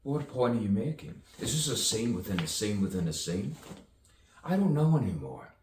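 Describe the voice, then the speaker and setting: A man's voice: lowish voice, sing-song, moderate pace, a little mellow. A man rambling in a self-recorded monologue, musing and sardonic, asking himself questions and laughing at himself. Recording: echoey room, distant mic, faint background noise.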